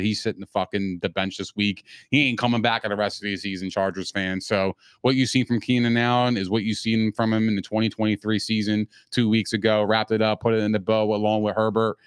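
A man's voice: on the low side, level tone, brisk, few pauses, clear, resonant tone, no room sound, studio quality. A man co-hosting a casual sports podcast, blunt and profane, ranting with swagger about football picks. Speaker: podcast co-host.

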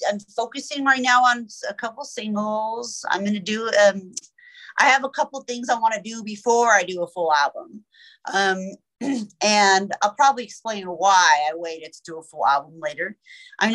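A young woman from the United States talks in a loose, casual interview. She is blunt and candid, swears freely and laughs easily. Her pitch sits in an ordinary middle range. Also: expressive, normal speed, pushed and bright. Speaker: rapper guest.

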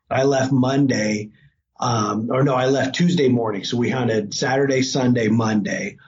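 A middle-aged man telling a hunting story casually, breaking into animated, excited quotes. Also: medium pitch, lo-fi sound. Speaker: hunting guest.

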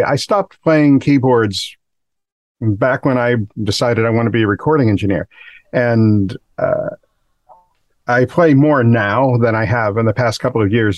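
A middle-aged man from Massachusetts, USA, appears as a guest on a casual podcast interview and tells stories in a rambling, self-deprecating way. He is a recording engineer, and his medium-pitched voice has a darkish tone, captured in a dry recording.

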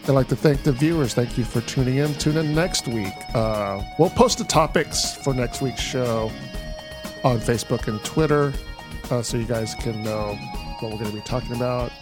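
A man's voice: medium pitch, moderate pace. Man, mid-range voice, podcast host, friendly, agreeable, clarifying questions, faint music behind. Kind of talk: casual tech chat and show sign-off.

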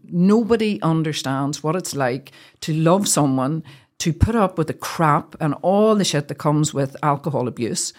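A woman's voice: low-pitched, animated, moderate pace, a little mellow. A woman with a Northern Irish accent, a guest recounting a personal story in an earnest, heartfelt way, often restarting her sentences.

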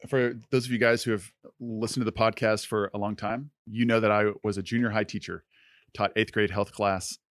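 A man's voice: on the low side, fairly even intonation, fairly quick, a bit bright, no echo, clean studio sound. A man co-hosting a podcast, telling a personal story in an earnest, conversational way with lots of filler words. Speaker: podcast co-host.

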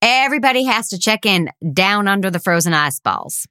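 A woman improvising a stern, mock-formal fast-food shift manager over a video call. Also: mid-range voice, expressive, bright, forceful tone, smooth, dry recording, studio quality. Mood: deadpan. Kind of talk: improvised comedy scene.

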